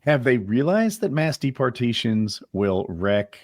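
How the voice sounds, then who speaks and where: A man co-hosting a podcast, talking casually in a halting, stammering way. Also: medium pitch, big pitch swings, no echo, clean studio sound. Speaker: podcast host. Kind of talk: casual chat.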